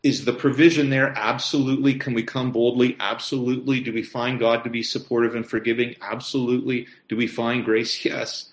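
Male preacher, mid-pitched voice, talks in a conversational way and asks the room questions, echoey room. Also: little pitch movement, fairly quick, few pauses. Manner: conversational preaching with repeated phrases and rhetorical questions. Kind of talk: sermon.

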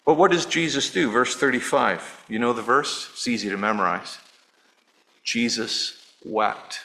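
A middle-aged male pastor preaching a sermon in an earnest, personal way, dropping low and quiet on words of grief. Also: animated, a little fast, low-quality recording. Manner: earnest, personal, softening to near-hush on grief.

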